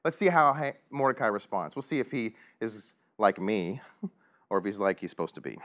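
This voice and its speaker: A man teaching a Bible study in a casual, joking way, chuckling often and asking the class questions. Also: normal speed. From United States. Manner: animated, joking, big pitch swings, chuckles often.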